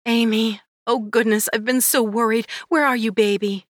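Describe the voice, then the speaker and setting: A woman's voice: fairly high pitch, steady tone, moderate pace, no room sound, studio quality, voice pushed up, lightly acted. A woman doing a fretful, doting mother. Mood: worried. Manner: fretful, pleading and affectionate. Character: worried, doting older mother.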